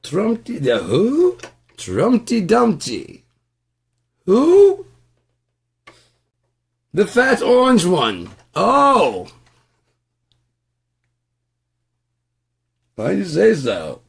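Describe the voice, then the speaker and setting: Guy doing a squeaky posh british gent, fake accent, gravelly underneath, loud and worked up. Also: wildly swooping pitch, extremely slow, long pauses, exaggerated voice. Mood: excited. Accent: put-on British. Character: posh British gentleman, excitable and snooty.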